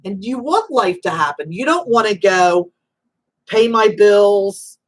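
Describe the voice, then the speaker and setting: A woman's voice: mid-range voice, expressive, takes it slowly. A woman hosting a live call-in spiritual reading show, talking in an emphatic, motherly way and calling guests honey and sweetie. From Italian-American background. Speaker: psychic reader and show host.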